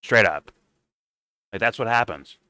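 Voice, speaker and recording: Male commentator, profane and heated; low, clean, dry close sound. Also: expressive, a little slow, bright, forceful tone, smooth, no echo, poor audio. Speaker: political commentator. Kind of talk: casual reaction commentary.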